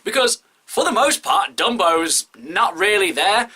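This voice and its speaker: A man's voice: high-pitched, sing-song, a little slow, pushed and bright, breathy edge. A man giving a casual, candid film review, talking in an opinionated, chatty way.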